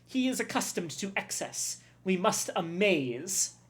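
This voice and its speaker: A woman's voice: medium pitch, big pitch swings, measured pace. A woman voicing an eager, grandiose male ship's chef in a game, with a put-on French accent and theatrical delivery. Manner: theatrical, exclaiming.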